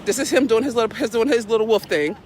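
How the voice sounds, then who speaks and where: While walking her dog outdoors, a woman hosts a casual live stream, talking bluntly and preachily with plenty of swearing. She's animated, speaking fast in a fairly high voice, with a little hiss or hum on the recording.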